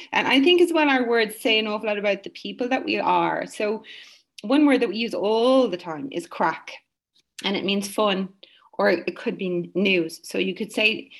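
A woman with an Irish accent, an author chatting enthusiastically as a guest, full of asides. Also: mid-range voice. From Ireland. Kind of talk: casual chat.

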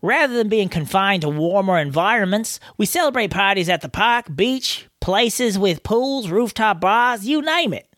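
A man's voice: sits high, expressive, moderate pace, hardly any pauses, a bit bright, no echo, studio quality. A man putting on an exaggerated Australian accent to read aloud an Australian man's email. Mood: playful. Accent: put-on Australian. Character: Australian man reading his listener email. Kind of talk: reading a listener email aloud.

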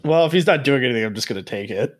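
A man's voice: medium pitch, expressive, rapid-fire. A man playing a tabletop role-playing game who breaks into hammy, theatrical in-character speeches. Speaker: player.

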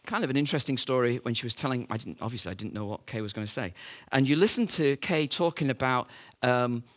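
A man's voice: medium pitch, lively intonation, quick pace, a bit bright. A man preaching a sermon, telling the story in a conversational way with rhetorical questions and fillers.

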